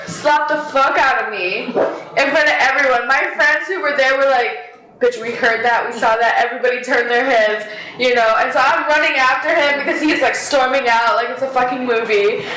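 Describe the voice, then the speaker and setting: A young woman casually telling a story on a podcast, animated, swearing often and laughing. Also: high voice, moderate pace, echoey room, low-quality recording. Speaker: podcast co-host.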